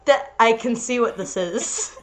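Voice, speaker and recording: A woman's voice: fairly high pitch, lively intonation, unhurried, noisy background. Giggly young woman reading aloud. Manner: giggly, interrupts herself with asides. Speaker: reader and co-host. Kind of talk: comedic dramatic reading with commentary.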